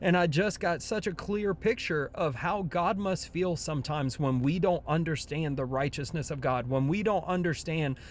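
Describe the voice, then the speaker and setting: A man's voice: on the high side, normal speed, hardly any pauses, slight background noise. A young man, a father, talking earnestly about faith in a personal devotional vlog, often restarting his sentences. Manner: earnest, heartfelt, with frequent restarts. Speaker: christian vlogger.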